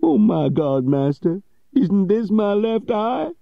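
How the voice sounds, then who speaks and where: A man voicing a frightened, bewildered old male servant, with a very high, thin pleading voice. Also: big pitch swings, takes it slowly, gravelly, dry recording, narrow, tinny audio, exaggerated voice. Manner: pleading, awestruck.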